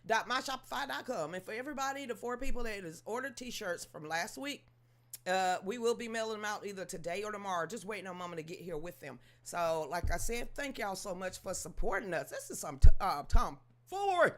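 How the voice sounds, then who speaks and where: A woman with a Southern US accent hosting a casual livestream chat, greeting viewers by name, gossiping and teasing as she breaks into loud laughter. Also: mid-range voice, brisk. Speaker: livestream host.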